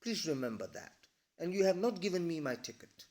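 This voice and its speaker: Indignant little girl, proud and touchy, high and lively, man voicing her. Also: fairly quick. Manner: indignant, insistent. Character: feisty eight-year-old girl, proud and touchy.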